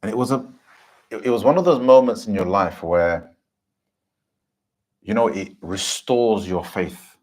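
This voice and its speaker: A man giving an earnest, impassioned religious talk to a gathering, often pausing to ask if listeners understand. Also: on the low side, a little mellow. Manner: earnest, keeps asking "do you understand?". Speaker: Islamic teacher giving a talk.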